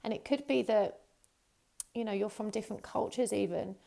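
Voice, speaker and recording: A woman's voice: medium pitch, moderate pace, gravelly. A woman giving a chatty tarot reading straight to her viewers, talking casually with many fillers. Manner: chatty, warm-hearted, many ums and you-knows. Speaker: tarot reader.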